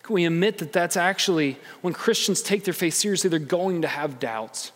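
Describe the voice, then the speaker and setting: A man preaching a sermon to a congregation, conversational and animated, acting out inner voices. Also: high voice, moderate pace, in a large hall. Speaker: pastor.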